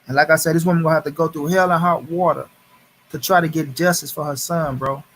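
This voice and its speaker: A man's voice: fairly high pitch, fairly even intonation, fast, a bit bright, a little hiss or hum. Heated, profane man venting on a livestream. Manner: heated, profane, repeats phrases for emphasis; greets viewers in chat by name. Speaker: livestream host. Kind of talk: angry casual livestream commentary.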